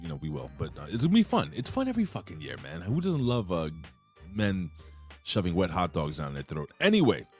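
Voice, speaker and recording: A man's voice: low voice, wildly swooping pitch, a little fast, husky, faint music behind. A man co-hosting a casual wrestling review show, rambling and cursing freely with lots of fillers. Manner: loose, profane, rambling with frequent fillers. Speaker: podcast co-host.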